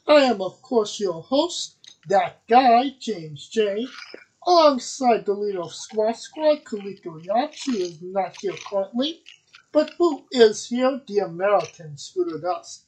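A man with a fairly high voice hosts a casual podcast. He talks in an upbeat, rambling way, stumbling over names and filling gaps with ums. The delivery is loose and chatty. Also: big pitch swings, a little slow, a little mellow, breathy edge, poor audio. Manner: upbeat, rambling with many fillers. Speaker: podcast host. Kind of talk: casual chat.

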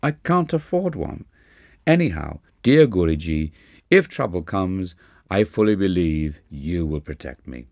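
A man's voice: deep voice, big pitch swings, a little slow, creaky, dry recording, studio quality, full character voice. A man reading an audiobook, voicing a carefree young man who pleads earnestly with his teacher. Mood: pleading.

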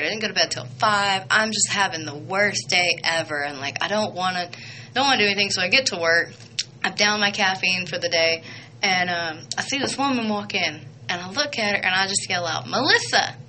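A young woman hosting a radio show, chatting excitedly and rambling with lots of fillers. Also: lowish voice, a little hiss or hum, rough recording. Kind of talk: casual chatty radio intro.

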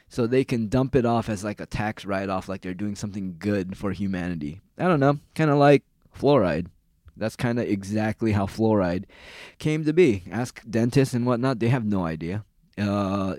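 A man's voice: fairly low pitch, darkish tone, no room sound, clean studio sound. A man ranting casually in a sarcastic, profane and rambling way, jumping from one complaint to the next.

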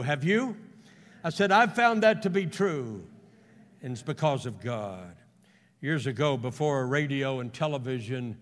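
A man, a pastor, delivering a sermon in a church, moving between hushed storytelling and loud, fervent exclamations. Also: mid-range voice. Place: church sanctuary. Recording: long hall reverb in a church.

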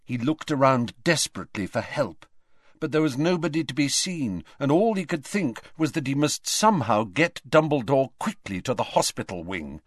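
A man narrating a fantasy novel in an expressive, dramatic reading. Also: mid-range voice, normal speed, dry recording, clean studio sound. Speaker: audiobook narrator.

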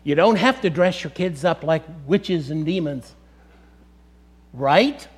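A middle-aged man with a high voice preaches from the pulpit. He speaks emphatically and addresses his congregation directly. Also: animated, slow pace, husky. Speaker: pastor. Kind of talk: sermon.

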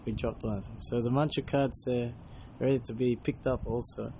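A man's voice: medium pitch, fairly even intonation, normal speed, mellow, slight background noise. A man, a traveling monk, casually telling travel anecdotes and acting out bits of dialogue. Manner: chatty, acts out dialogue in anecdotes.

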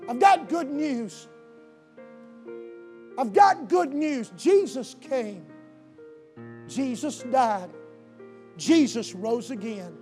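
A male pastor with a very high voice preaching in a church sanctuary. He shouts his lines in a drawn-out, emphatic cadence, then drops to a hushed, personal appeal. Faint piano music plays behind him. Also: animated. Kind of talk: sermon. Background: soft piano.

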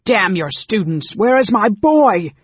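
A man's voice: mid-range voice, fairly even intonation, normal speed, husky, no room sound. A man doing a desperate, furious father. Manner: shouting, pleading, raw. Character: desperate, angry half-elf father. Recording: dull lo-fi audiobook recording.

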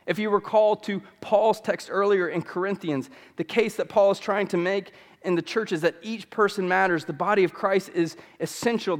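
A man's voice: a little high, big-room sound. A pastor in his thirties preaching a sermon in a church, earnest and fond of repeating key phrases for emphasis. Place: church sanctuary.

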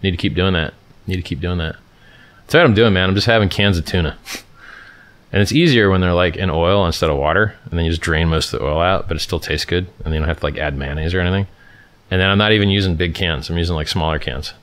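Deep-voiced emphatic man from California. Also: fast, a bit bright. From Stockton, California, USA. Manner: emphatic, repeats phrases and restarts often. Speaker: livestream host answering viewer questions. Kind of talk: casual livestream chat.

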